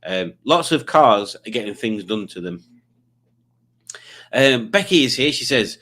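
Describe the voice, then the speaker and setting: A man's voice: medium pitch, expressive, a little slow, fairly bright tone. Chatty Yorkshire stream host, mid-range voice, loose and rambling as he reads out comments. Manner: rambling, self-deprecating, chatty. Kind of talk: casual chat reading comments.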